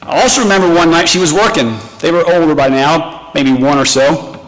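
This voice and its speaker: A middle-aged male pastor tells stories at his retirement party, poking fun at himself before turning tender. His voice sits a little high. The sound rings out with a long hall reverb. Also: a little fast, fairly bright tone. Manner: storytelling, self-mocking humor turning tender.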